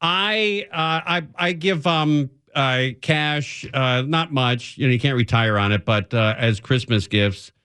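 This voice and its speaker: A man's voice: medium pitch, unhurried, hardly any pauses, pushed and bright, smooth, dry recording. A man hosting a radio show, telling a rambling, self-mocking story in casual chat and laughing often.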